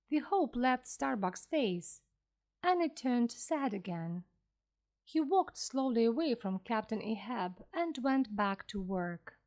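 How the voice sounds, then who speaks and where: A woman narrates a classic tale for beginners of English, word by word at a slow, deliberate pace. Her voice is a bit high and rises and falls a great deal. She reads with clear, careful expression. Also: lively intonation, darkish tone. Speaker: audiobook narrator. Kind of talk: slow storybook reading for English learners.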